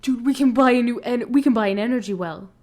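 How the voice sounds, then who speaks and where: A woman gaming streamer giving excitable let's play commentary with playful trash talk. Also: on the high side, fast.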